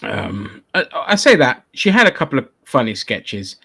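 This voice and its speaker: A man's voice: mid-range voice, big pitch swings, moderate pace, gravelly, pushed and bright, husky. A man from London hosting a casual podcast chat, rambling and swearing freely, often laughing. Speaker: podcast host.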